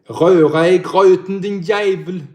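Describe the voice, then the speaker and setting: A man's voice: sits high, steady tone, unhurried, darkish tone, reverberant, pitched above the performer's own voice. A man putting on a cranky Scanian grumbler. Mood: grumbling. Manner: gruff, cursing dialect impression. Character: grumbling southern Swedish man, crude and cranky.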